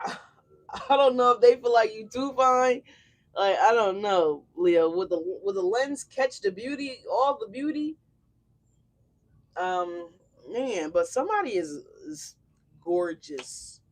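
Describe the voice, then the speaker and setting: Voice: medium pitch, lively intonation, slow pace. A tarot reader hosting a casual live reading, talking straight to viewers in an effusive, slangy, exclamatory way, with frequent swearing. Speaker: tarot reader, channel host.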